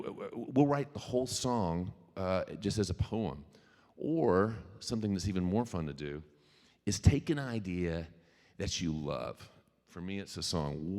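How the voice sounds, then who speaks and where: A middle-aged man, a musician, telling an animated story to a live audience, stammering on restarts. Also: deep voice. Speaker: featured speaker and musician. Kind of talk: storytelling keynote talk. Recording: reverberant hall.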